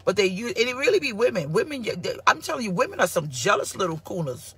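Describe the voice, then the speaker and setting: A woman pastor giving a casual live-streamed sermon, sassy and animated as she answers her online viewers. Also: mid-range voice, fast talker, slightly rough. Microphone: phone or computer mic for live stream.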